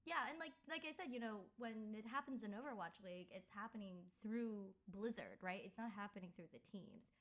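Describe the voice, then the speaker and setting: A young woman co-hosts a casual podcast chat. Her voice sits at a middle pitch, and she wanders into tangents packed with filler words. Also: animated, a little fast, hardly any pauses, a bit bright. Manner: chatty, full of "like" and tangents. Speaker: podcast co-host.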